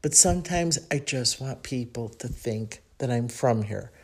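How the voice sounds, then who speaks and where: A woman from Chicago with a Chicago accent, hosting a podcast and telling a personal story in a chatty, reflective way, thinking aloud with frequent pauses. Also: extremely low pitch, animated, husky. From Chicago, United States. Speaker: podcast host.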